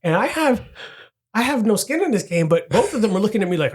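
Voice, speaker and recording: Animated, husky-voiced male podcast host. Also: sits high, fast. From Dominican heritage. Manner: animated storyteller, swears freely, acts out quotes. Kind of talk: casual chat.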